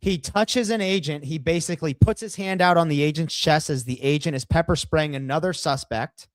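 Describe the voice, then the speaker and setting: A man's voice: on the high side, brisk, no room sound. A man co-hosting a podcast, brash and profane, walking viewers through a video. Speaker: podcast co-host. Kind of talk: casual podcast discussion.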